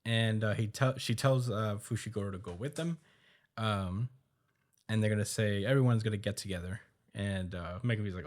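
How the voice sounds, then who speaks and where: Male podcast co-host, lowish voice, loose filler-heavy recap style. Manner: loose, filler-heavy retelling with quick quoted asides and laughs. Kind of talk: casual podcast chat.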